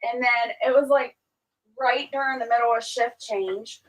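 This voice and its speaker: A woman's voice: unhurried, far from the mic, low-quality recording. A woman hosting a livestream, casually telling a long story and acting out what people said. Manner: animated, acts out quotes with raised pitch.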